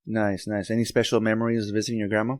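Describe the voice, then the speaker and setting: A man hosting a podcast interview, asking relaxed questions with plenty of "um"s. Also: lowish voice, fast talker, dry recording. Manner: relaxed, hesitant questions with many "um"s. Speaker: podcast host. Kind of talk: casual interview.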